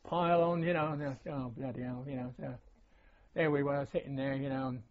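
A man's voice: mid-range voice, fairly even intonation, brisk. An older man, a veteran recalling his service in a rambling, meandering oral-history interview. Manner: rambling, with many fillers and restarts. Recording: dull lo-fi recording.

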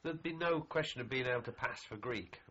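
A male interviewer asking probing questions in a hesitant, halting way for an oral history recording. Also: mid-range voice, crowd noise. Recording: dull lo-fi archive recording, faint noise.

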